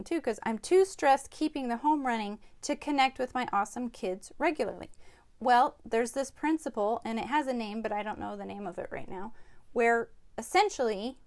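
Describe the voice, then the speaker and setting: A woman's voice: fairly high pitch, a little mellow. A woman in her forties from the United States, co-hosting a family podcast in an upbeat, emphatic way and laughing often. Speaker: podcast co-host, parent. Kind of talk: casual podcast chat.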